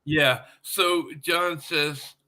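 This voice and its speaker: A man hosting a podcast, asking questions and telling his own story in a relaxed, conversational way. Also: fairly high pitch, extremely slow. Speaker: podcast host. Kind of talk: casual podcast chat.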